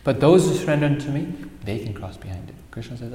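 Speaking quickly and expressively in a warm, mid-range voice, a male spiritual speaker tells a fable with animation, mixing in Sanskrit terms as part of his sermon. There is slight background noise, and the echoey hall gives a long reverb.

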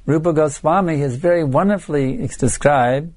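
A man's voice: on the high side, moderate pace, darkish tone. An older man giving an earnest devotional lecture, exhorting his listeners and sometimes acting out chanting. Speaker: spiritual teacher.

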